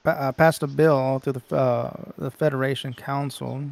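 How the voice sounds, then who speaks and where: A man's voice: medium pitch, fairly even intonation, moderate pace, vocal fry, no room sound. A man hosting a casual crypto podcast, joking and chatting loosely with co-hosts. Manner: jokey, put-on accent in the opening. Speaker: podcast host.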